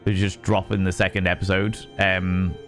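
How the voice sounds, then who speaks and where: Speaking at normal speed in a low-pitched, level tone, a man chats casually on a livestream as faint music plays behind him. He streams and does some voice acting, and he rants profanely, repeating phrases for emphasis and restarting mid-sentence.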